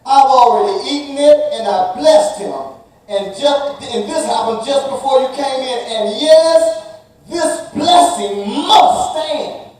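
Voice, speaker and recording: A man's voice: very high-pitched, slow pace, darkish tone, pitched above the performer's own voice. A man preaching who voices the old, shaken father Isaac, speaking urgently and trembling. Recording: echoey church from far off.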